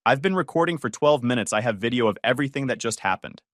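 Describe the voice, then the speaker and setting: A man voicing a calm, clinical male surgeon who speaks in a cold, measured way in a spoken story. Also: medium pitch, no room sound, clean studio sound, close to an everyday voice.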